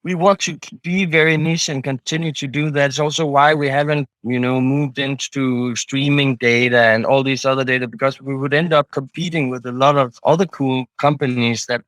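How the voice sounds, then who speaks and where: A man's voice: mid-range voice, fairly even intonation, normal speed, few pauses, a bit bright, dry recording, poor audio. A man talking as an interview guest, a startup founder, hesitant, with many restarts and fillers. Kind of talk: casual interview talk.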